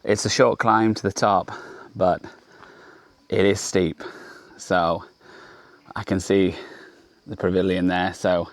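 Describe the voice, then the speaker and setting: A man's voice: low voice, flat delivery, slow pace, long pauses, faint music behind. A man walking a forest trail and narrating his travel vlog in a loose, rambling way, hot and sweaty from the climb. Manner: rambling, chatty, lots of "so yeah" fillers. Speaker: travel vlogger.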